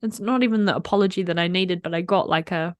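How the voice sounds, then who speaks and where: On her candid solo podcast, a woman with a lowish voice talks fast, rambling openly about her feelings and saying "like" constantly. The recording is dry.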